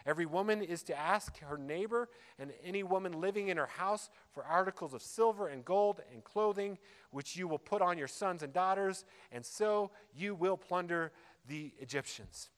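A man's voice: high voice, a bit bright. A man preaching a sermon as a pastor, earnest and emphatic, repeating key phrases for weight. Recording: long hall reverb.

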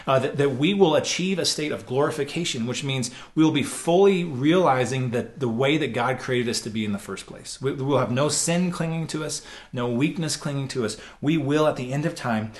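Brief: male pastor, mid-pitched, earnest and conversational sermon delivery, frequent restarts and repeated words. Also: lively intonation, a little fast. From United States.

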